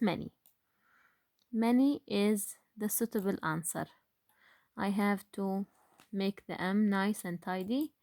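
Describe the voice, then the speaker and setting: A woman teaching a grade one phonics lesson in English, talking slowly and patiently with many fillers and questions to the children. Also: mid-range voice, gravelly, a little mellow, dry recording, studio quality. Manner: slow, patient, with frequent fillers and rhetorical questions.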